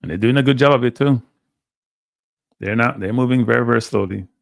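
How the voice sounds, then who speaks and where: A man's voice: mid-range voice, fairly quick, gravelly, no echo, studio quality. A man hosting a live watchalong, calling football play-by-play with blunt, frustrated fan commentary. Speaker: watchalong host.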